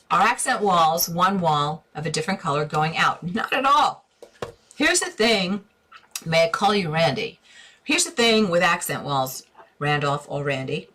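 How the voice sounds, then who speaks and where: Bright-voiced woman hosting a live Q&A. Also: on the low side. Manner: chatty and encouraging, bursts of excitement. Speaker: interior design coach hosting a live Q&A. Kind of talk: casual live-stream advice.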